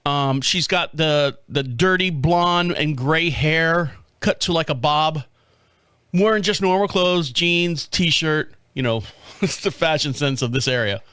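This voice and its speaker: High-voiced man in his fifties telling a rambling story. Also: slow pace, smooth, no echo, clean studio sound. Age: 50s. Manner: rambling, animated storyteller acting out dialogue. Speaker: podcast host. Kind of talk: casual storytelling monologue.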